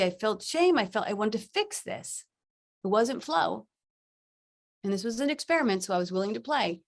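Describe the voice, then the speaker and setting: A middle-aged woman hosts a spiritual talk show in a relaxed storytelling way. She laughs often and slips into playful voices for the people she quotes. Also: mid-range voice. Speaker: podcast host.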